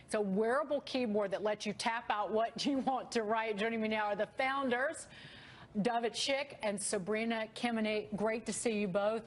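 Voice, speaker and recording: Brisk upbeat female news anchor. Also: fairly high pitch. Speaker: morning news host.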